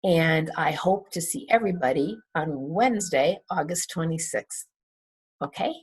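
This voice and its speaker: A woman's voice: low voice, lively intonation, measured pace, slightly rough. A woman English teacher recapping a class, patiently repeating words to model their stress. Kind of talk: recorded class recap, slow and deliberate.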